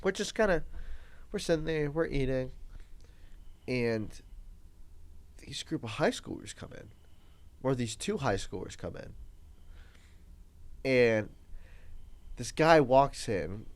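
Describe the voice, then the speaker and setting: A young man co-hosting a podcast, telling a story in casual chat, laughing often and acting out the people he quotes. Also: mid-range voice. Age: young adult. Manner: animated, laughs often, acts out quoted voices. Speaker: podcast co-host.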